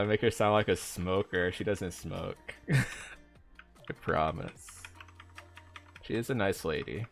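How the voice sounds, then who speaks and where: A man's voice: low voice, slow, gravelly, long pauses, faint music behind. A young man chatting casually on a live gaming stream, rambling with lots of fillers as he answers chat.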